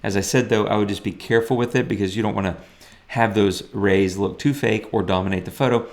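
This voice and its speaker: A middle-aged man explaining his photo editing steps in a relaxed, thinking-aloud way, with fillers and restarts. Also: fairly low pitch, brisk. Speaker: photography tutor. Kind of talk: screen-recorded editing tutorial.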